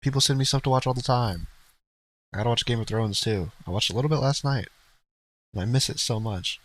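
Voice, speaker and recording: A man's voice: mid-range voice, a little fast, fairly bright tone, rough recording. A man co-hosting a livestream in casual, rambling chat, blunt and profane, laughing now and then. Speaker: streamer co-host.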